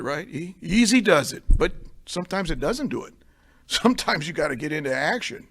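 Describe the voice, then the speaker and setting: Blunt, street-talking male meeting speaker with a bright, high voice; drops to murmurs, then punches lines loud. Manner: swings from low murmurs to loud emphatic bursts. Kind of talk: motivational talk at a recovery meeting.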